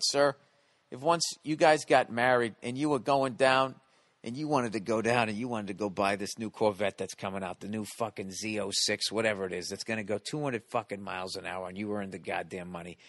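A man's voice: on the low side, fairly bright tone, dry recording. Blunt foul-mouthed podcast host, a man. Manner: swears constantly, blunt. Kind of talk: profane casual podcast rant.

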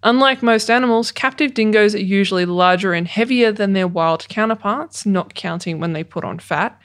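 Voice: medium pitch, moderate pace, fairly bright tone. A podcast co-host, reading notes aloud and joking, with frequent swearing. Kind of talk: casual chat reading facts.

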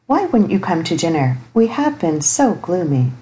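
A woman reading the part of an eager, warm-hearted young niece in an audiobook, with a raised, pleading tone. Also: fairly low pitch, big pitch swings, moderate pace, poor audio.

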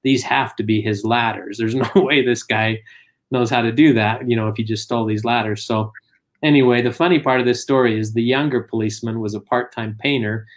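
A man's voice: mid-range voice, brisk. A middle-aged man telling family stories in casual conversation, acting out what people said. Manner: animated anecdotes, acts out quotes. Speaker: guest. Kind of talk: casual storytelling.

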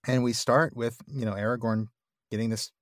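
A man's voice: mid-range voice, flat delivery, normal speed, no echo, studio quality. A man co-hosting a podcast, talking casually and enthusiastically, often with fillers like "you know". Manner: enthusiastic and explanatory, with filler words. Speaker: podcast co-host. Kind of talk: casual discussion.

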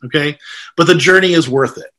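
A man delivers a loose, conversational talk to a group, earnest and full of false starts. His voice sits a little high for a man. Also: brisk, fairly bright tone. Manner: earnest, conversational, many restarts. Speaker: speaker giving a talk. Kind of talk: informal lecture with Q&A.

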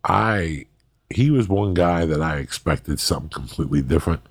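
Very deep gravelly older man. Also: expressive, normal speed. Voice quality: gravelly, raspy. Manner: loose, profane storytelling. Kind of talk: casual chat.

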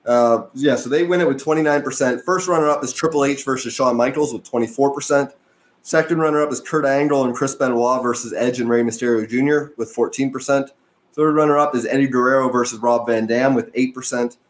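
A man co-hosting a casual show, reading out poll results in a steady, matter-of-fact way. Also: mid-range voice, a little fast. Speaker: podcast co-host.

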